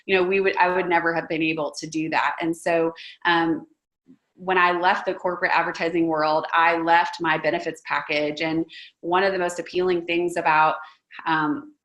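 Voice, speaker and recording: A woman's voice: fairly low pitch, flat delivery, moderate pace, a bit bright. A woman in her thirties with a Texas accent, giving an earnest personal testimonial with frequent ums. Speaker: network marketing presenter. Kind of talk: casual testimonial talk.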